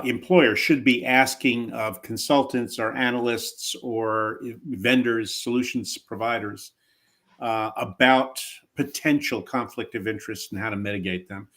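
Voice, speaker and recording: Bright-voiced, measured male co-host. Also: mid-range voice. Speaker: podcast co-host. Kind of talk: casual podcast chat.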